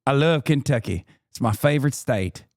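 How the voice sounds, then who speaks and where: A man puts on a flustered old senator, tripping over his own introduction and correcting himself again and again. The voice sits at an ordinary middle pitch and is recorded dry and close. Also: lively intonation, moderate pace, darkish tone, no room sound, natural voice. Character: muddled elderly male senator impression.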